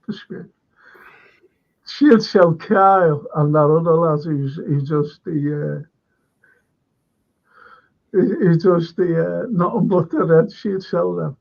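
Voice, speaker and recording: A man hosts a livestream, rambling casually and laughing often as he reads out viewer comments. His voice is fairly high and creaky, and he talks slowly with long pauses. The stream audio sounds dull and lo-fi.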